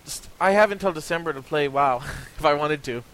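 A man's voice: a little high, brisk, a bit bright, rough recording. A man hosting a casual gaming podcast, reading out sales figures with lots of ums and restarts. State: slightly hoarse from talking. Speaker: podcast host. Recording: faint hiss.

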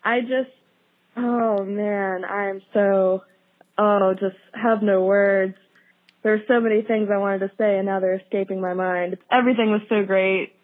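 A woman's voice: mid-range voice, steady tone, a little slow. A woman calls in to her favorite podcast, emotional and gushing. She rambles and loses her words. Her voice comes through a thin phone line. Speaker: caller. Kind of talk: voicemail message.

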